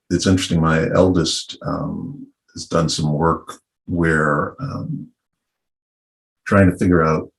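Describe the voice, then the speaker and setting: A middle-aged man from Virginia speaking on a panel discussion in a thoughtful, unhurried and wry way. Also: very deep voice, creaky. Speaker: panel guest.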